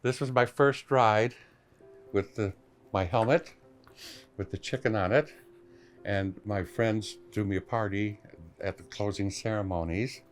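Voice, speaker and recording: An older man telling stories in a documentary interview, playful and animated, acting out his own past thoughts. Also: on the low side, a little slow, pauses often, faint music behind. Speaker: longtime charity ride participant.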